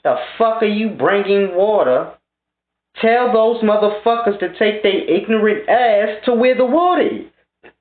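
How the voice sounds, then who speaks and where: Man ranting bluntly over a tinny line. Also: high voice. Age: 30s. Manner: blunt, confrontational, scornful. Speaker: vlogger. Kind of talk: profane monologue rant. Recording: tinny, phone-like and roomy.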